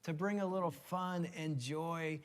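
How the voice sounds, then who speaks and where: A middle-aged man preaching from a church stage, spinning a playful story with lots of energy. His voice sits a little high for a man. He talks the way someone does when he is entertaining a room. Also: measured pace, smooth. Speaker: pastor. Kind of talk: sermon storytelling.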